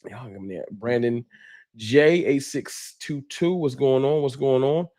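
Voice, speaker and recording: A man's voice: medium pitch, measured pace, dark tone. A laid-back man hosts a casual livestream and chats easily into his mic as viewers come in. His voice sits in the middle of the male range, and he keeps an easygoing, slangy, friendly rhythm. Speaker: host of a fan livestream.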